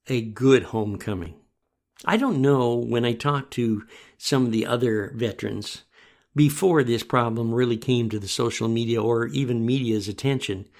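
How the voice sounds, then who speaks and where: Earnest middle-aged man telling a story. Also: medium pitch. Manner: earnest storytelling with rhetorical questions. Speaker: host. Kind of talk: solo talk show commentary.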